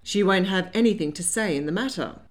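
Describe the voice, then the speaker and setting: A woman voicing a composed, dryly amused young Regency gentleman in an audiobook. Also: mid-range voice, a little fast, natural voice. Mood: wry. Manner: wry, teasing, composed.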